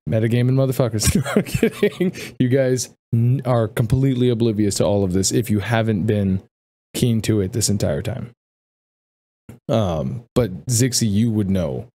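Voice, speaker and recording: A man's voice: mid-range voice, warm tone. A man narrating a tabletop game as game master in a casual, rambling way, swearing and joking with his players.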